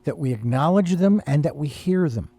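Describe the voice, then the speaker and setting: This is a male host who talks in a measured, reflective way and often pauses to hesitate between thoughts. His voice is somewhat high for a man, with a mellow, warm tone, and it sounds dry and close. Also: lively intonation, dry recording. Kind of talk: interview conversation.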